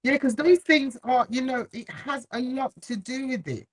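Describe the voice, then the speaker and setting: A woman's voice: sits high, normal speed. A woman co-hosting a casual live stream chat, speaking frankly and earnestly and laughing easily. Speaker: co-host.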